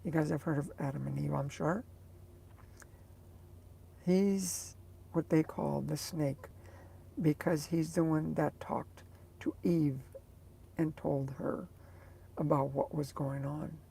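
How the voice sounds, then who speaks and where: A woman's voice: sits low, steady tone, slow pace, vocal fry, pauses often, warm tone, breathy edge. A woman vlogger chatting casually to her viewers, rambling and hesitant as she searches for words.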